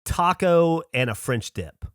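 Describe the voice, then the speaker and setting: A man chatting on a podcast in a dry, close-miked sound. His pitch jumps around a lot as he tells a story. He puts on a higher voice for the people he quotes. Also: slow, clear, resonant tone, no room sound. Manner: animated, acts out quoted people in a raised voice. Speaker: podcast host. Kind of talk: casual storytelling chat.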